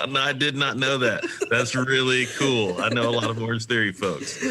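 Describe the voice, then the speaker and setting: A man's voice: medium pitch, steady tone, unhurried, bright, forceful tone. A man, a pastor, guesting on a podcast, chatting easily with frequent laughter and fillers. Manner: easygoing, laughs often, hesitant fillers. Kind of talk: casual podcast chat.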